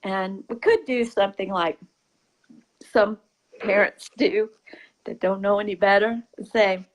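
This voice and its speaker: Soft-spoken woman sharing spiritual reflections. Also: medium pitch, steady tone, measured pace, low-quality recording. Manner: soft and intimate, often dropping to a whisper; laughs easily. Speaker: spiritual teacher.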